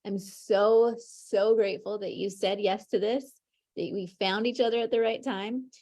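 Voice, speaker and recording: A woman's voice: mid-range voice, steady tone, normal speed, mellow. A woman host and tapping coach on a video call, effusive and encouraging toward her guest. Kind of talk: warm encouraging interview.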